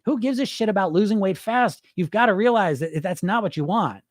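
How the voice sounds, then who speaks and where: A man's voice: high-pitched, lively intonation, fairly quick, dry recording, studio quality. A man hosting a solo weight-loss podcast, speaking bluntly and swearing often while firing off rhetorical questions and acting out his listeners' excuses. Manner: blunt, profane, rhetorical pep-talk; mimics listeners' excuses mid-rant.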